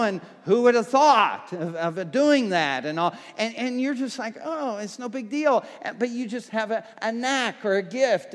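A man preaching a sermon as pastor, talking conversationally and building to fervent, shouted passages. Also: on the high side. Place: church auditorium. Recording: long reverb of a church hall.

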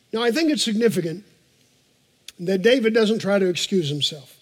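A man's voice: sits high, lively intonation, normal speed, long pauses. A male pastor preaching a morning sermon in a church, earnest and emphatic, repeating key phrases and turning aside to talk casually with the congregation. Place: church sanctuary. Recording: long reverb of a large church hall.

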